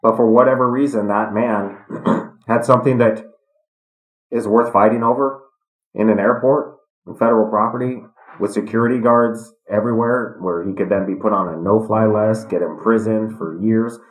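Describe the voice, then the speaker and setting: Man, middle-aged, low voice, calm and measured, roomy echo. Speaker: guest, retired fighter. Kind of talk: storytelling in a podcast interview. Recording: echoey room.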